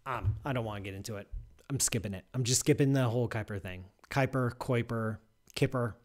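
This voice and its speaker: A man's voice: on the low side, fast. A man hosting a live science radio show, talking with playful mock outrage. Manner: animated, playful mock outrage, swinging from loud bursts to muttering.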